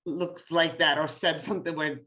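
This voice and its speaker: A woman's voice: low-pitched, steady tone, moderate pace, sharp tone, a little hiss or hum. Chatty woman author over dull audio. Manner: chatty, peppered with fillers. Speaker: author guest. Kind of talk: casual conversation.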